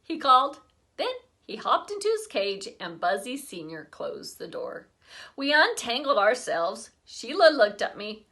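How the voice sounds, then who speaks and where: A woman's voice: a little high, sing-song, a little slow, fairly bright tone. A woman teacher reading a children's chapter book aloud expressively, breaking off for chatty asides to her class.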